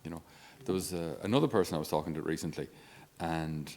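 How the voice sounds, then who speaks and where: A man's voice: low-pitched, fast, darkish tone, big-room sound. A male Catholic priest giving an informal spiritual talk on his podcast in a conversational, down-to-earth way with self-deprecating humor.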